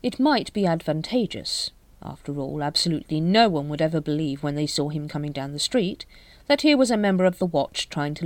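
Woman reading an audiobook, low voice, very dry close sound. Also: no room sound. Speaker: audiobook narrator. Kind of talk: scripted narration.

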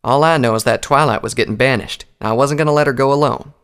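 A man's voice: medium pitch, fast, a bit bright, smooth, pitched above the performer's own voice, close to an everyday voice. A man voicing a blunt, loyal female pony soldier who speaks in a folksy, plain way, in an audiobook reading. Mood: sheepish. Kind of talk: audiobook character voice.

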